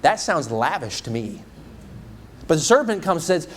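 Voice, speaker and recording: A man's voice: fairly high pitch, big pitch swings, fairly quick. A male evangelist preaching a sermon in a church. He asks the congregation many rhetorical questions.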